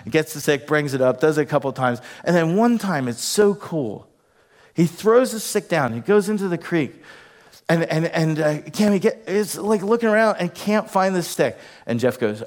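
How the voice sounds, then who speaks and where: Middle-aged male pastor, higher voice, animated comic storyteller. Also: normal speed. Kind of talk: storytelling sermon.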